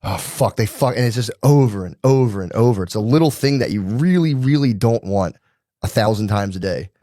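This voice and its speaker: A middle-aged man co-hosting a podcast, talking in a rapid, profane, rambling way. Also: lowish voice, animated, warm tone, no room sound, clean studio sound. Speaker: podcast co-host. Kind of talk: casual chat.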